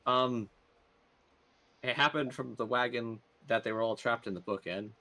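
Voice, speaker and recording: A relaxed man playing a tabletop game chats in a casual way, often trailing off with um. His pitch is average for a man. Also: normal speed. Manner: easygoing, trailing off with ums. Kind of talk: casual chat.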